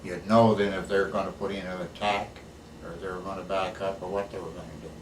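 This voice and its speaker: Older male veteran, low voice, folksy storytelling, echoey room, mic far off. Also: little pitch movement, brisk. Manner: plain-spoken, folksy, tags sentences with "eh". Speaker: war veteran interviewee. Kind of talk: casual storytelling interview. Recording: echoey room, recorded from a distance, faint background hiss.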